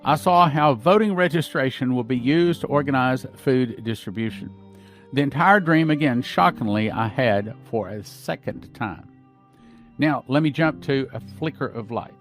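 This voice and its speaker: A man's voice: mid-range voice, moderate pace, faint music behind. A man hosting a podcast, reading dreams and visions aloud and breaking off with his own asides. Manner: reads accounts, breaking off with asides. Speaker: podcast host. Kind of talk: reading prophecies aloud with commentary.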